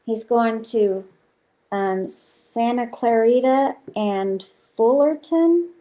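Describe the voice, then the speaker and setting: A woman's voice: a little high, takes it slowly, warm tone. A woman hosting a casual group chat, talking in a hesitant way and trailing off into fillers. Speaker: host.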